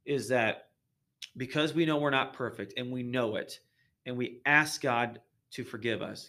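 A man's voice: medium pitch, a little slow, sharp tone. Earnest man preaching in casual talk. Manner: earnest, preachy, repeats words while thinking. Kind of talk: casual religious discussion.

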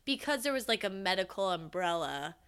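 Bright-voiced chatty woman co-host. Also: medium pitch, big pitch swings, clear, resonant tone. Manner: chatty, full of fillers, quick to laugh. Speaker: podcast co-host. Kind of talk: casual chat.

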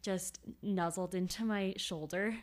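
A woman co-hosting a podcast and talking in a relaxed, conversational way. She speaks from the heart, her voice sits at an ordinary pitch, and she laughs easily as she talks. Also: a little slow. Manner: heartfelt and emotional, laughing often. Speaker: podcast co-host. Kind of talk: casual podcast chat.

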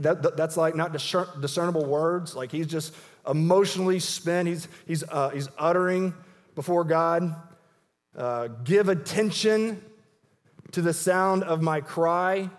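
Pastor, male, higher-pitched voice, earnest conversational sermon delivery with a long hall reverb. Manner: earnest, conversational preaching with frequent restarts. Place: church sanctuary.

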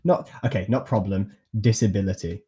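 A man's voice: on the low side, fairly quick, dark tone. A young man co-hosting a casual podcast chat, teasing and blunt. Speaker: podcast co-host.

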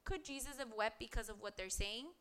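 A woman's voice: a little high, brisk, a bit bright, clean tone. A woman preaching a podcast sermon, reading scripture aloud and asking earnest rhetorical questions.

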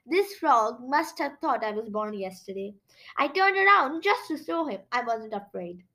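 Bright, lively woman reading a storybook. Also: on the high side, moderate pace. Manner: expressive, playful storytelling. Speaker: storybook narrator. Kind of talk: reading a children's chapter book aloud.

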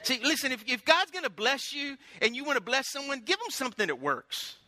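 A middle-aged male pastor preaching in a folksy, storytelling way, pressing the congregation for responses. His voice sits very high and sounds very bright and sharp. The sound is close and dry. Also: sing-song, fairly quick, no echo. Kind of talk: sermon.

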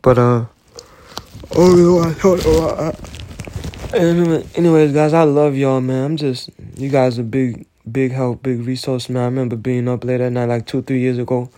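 A man's voice: mid-range voice, steady tone, normal speed, warm tone. A man, rambling through an emotional, slangy solo monologue on the verge of tears. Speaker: solo show host. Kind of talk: personal confessional monologue.

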